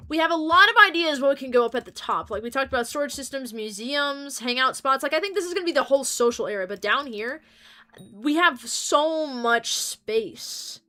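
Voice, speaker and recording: A woman's voice: high voice, expressive, moderate pace, sharp tone. A woman livestreaming a game, chatting casually and playfully to her viewers, rambling from one topic to the next. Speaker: streamer. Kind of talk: casual gaming livestream chat.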